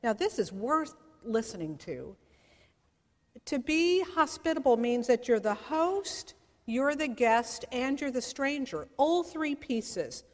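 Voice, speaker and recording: Woman pastor, middle-aged, chatty storyteller in a sermon; bright high voice in a reverberant church. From San Francisco area. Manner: storytelling, conversational, with playful asides. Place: church sanctuary. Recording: long hall reverb.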